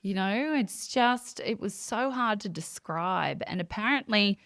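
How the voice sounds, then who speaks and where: A woman guest on a conversational podcast, telling a personal story in an animated way and acting out her own quoted thoughts. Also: mid-range voice, unhurried, no echo, clean studio sound. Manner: many fillers and restarts. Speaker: guest, psychic medium. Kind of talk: casual interview storytelling.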